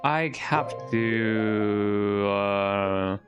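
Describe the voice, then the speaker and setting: A man's voice: on the low side, very slow, highs cut off. A man streaming a game, rambling and joking in casual commentary and tagging lines with "eh?". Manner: rambling, jokey, with tag-question "eh?". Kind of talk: casual live-stream commentary while playing. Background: game music.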